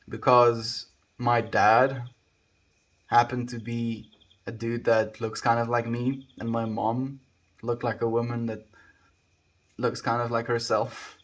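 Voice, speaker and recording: A young man from South Africa with a South African accent, chatting casually on a live stream as he answers viewer comments in a rambling, relaxed way. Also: medium pitch, slow pace, long pauses. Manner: laid-back, rambling, frequent likes and restarts.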